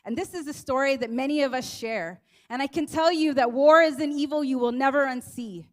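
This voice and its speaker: A woman's voice: sits high, a little fast. A woman from Guam speaking at a teach-in, an earnest and impassioned activist giving a rally speech. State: emotional, near tears. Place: teach-in event hall.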